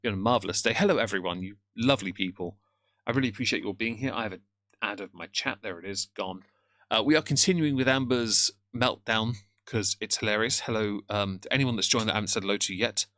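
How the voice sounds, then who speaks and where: A man talking on a live stream in a loose, rambling way. His voice is bright and forward, recorded close and dry on a desk mic, with no room sound. He greets viewers and stumbles over a word now and then. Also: on the low side, fast, no echo. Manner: rambling, chatty, greets chat, stammers at times. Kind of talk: casual live-stream commentary.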